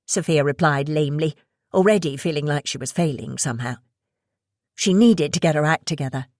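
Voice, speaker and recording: Low-voiced woman narrating a thriller. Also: animated, brisk, darkish tone, no room sound, clean studio sound. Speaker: audiobook narrator. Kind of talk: scripted narration.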